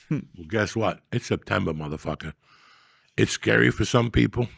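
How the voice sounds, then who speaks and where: Gravelly, profane man ranting. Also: lowish voice, unhurried, dry recording, clean studio sound. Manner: animated, loud bursts when acting out scenes. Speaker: podcast host. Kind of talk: casual comedic storytelling.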